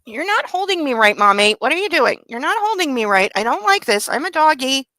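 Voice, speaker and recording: A whiny little puppy dog complains in a bright, high baby voice, as a woman puts it on. It sounds sulky and put out, and the sound is close and dry. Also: big pitch swings, a little fast, no echo, exaggerated voice.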